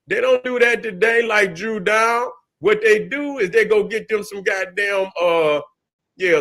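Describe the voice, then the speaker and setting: Man, middle-aged, profane preachy commentary, high-pitched voice. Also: a bit bright. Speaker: commentary channel host. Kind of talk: ranting commentary.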